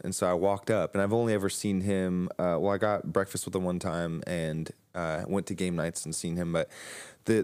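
Deep smooth-voiced young man. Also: darkish tone, no echo. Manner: rambling storyteller with many fillers and restarts. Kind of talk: casual religious chat.

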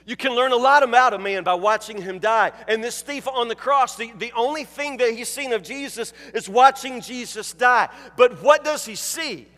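High-voiced preaching man in reverberant hall. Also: moderate pace, few pauses. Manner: emphatic, repeats words, drops to hushed tones. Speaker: pastor. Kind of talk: sermon.

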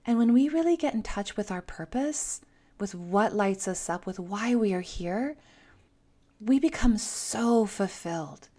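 A middle-aged woman hosts a motivational talk and speaks earnestly, straight to the listener. Her voice sits at an ordinary middle pitch for a woman. She talks in a personal, direct way. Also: expressive, a little slow, dark tone. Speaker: podcast host. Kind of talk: motivational monologue.

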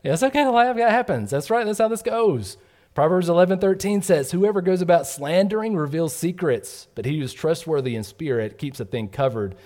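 Animated man preaching a sermon. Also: high voice, fairly quick. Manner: animated, acts out gossipy voices, asks "right?" often.

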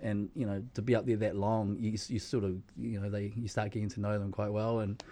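A man's voice: lowish voice, flat delivery, fairly quick, warm tone. A man, a podcast host in casual chat, rambling and laid-back, swearing freely and restarting his sentences.

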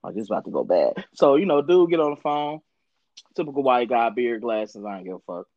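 Animated, profane male podcast host. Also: medium pitch, brisk, no echo, lo-fi sound. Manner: animated storytelling, heavy cursing, acts out quoted people. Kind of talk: casual profane chat.

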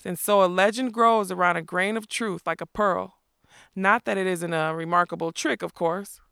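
A woman's voice: fairly low pitch, fairly even intonation, normal speed, gravelly, a bit bright, smooth, dry recording, clean studio sound. A woman voicing a blustering, pompous outlaw captain in a storybook reading, with a lecturing, nervous manner. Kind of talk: audiobook character voice.

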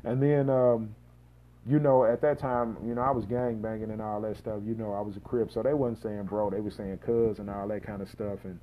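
A man's voice: lowish voice, level tone, moderate pace, phone-quality sound. A man from Missouri casually telling a personal story on his podcast, rambling and slangy with lots of asides. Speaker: podcast host.

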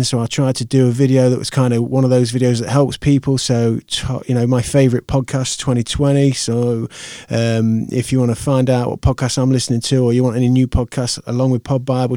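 Male podcast host, relaxed rambling delivery, even tone. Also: medium pitch, no room sound, clean studio sound. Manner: rambling, chatty, loose, many fillers and restarts. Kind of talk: casual podcast sign-off. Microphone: podcast microphone.

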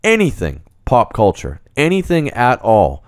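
A man's voice: mid-range voice, huge pitch swings, measured pace, a little mellow, no echo. A man co-hosting a casual podcast from a home studio, trading easygoing, jokey banter. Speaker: podcast co-host.

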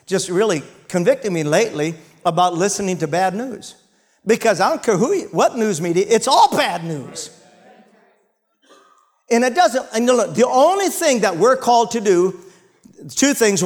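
A man preaching a sermon, retelling scripture and calling out for amens from the congregation. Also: sits high. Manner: animated preaching, calls for amens and shouts. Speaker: pastor.

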